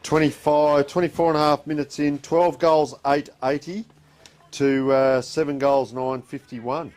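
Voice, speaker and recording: A man's voice: on the high side, measured pace. A man with an Australian accent calling a community football match live from the ground, easygoing and chatty, reading out scores between plays. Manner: relaxed, chatty play-by-play with score calls. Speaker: football commentator. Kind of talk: live sports commentary.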